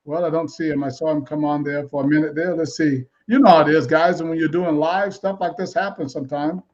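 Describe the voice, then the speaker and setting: A man hosting a live online interview show, chatty and quick to laugh, often repeating his words. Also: on the high side, fairly even intonation, darkish tone, lo-fi sound. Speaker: talk show host.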